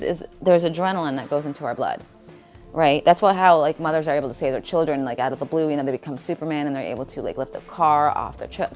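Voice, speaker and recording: A woman's voice: deep voice, darkish tone. A woman vlogger talking in a blunt, rambling monologue, jumping from topic to topic. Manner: blunt, jumps between topics.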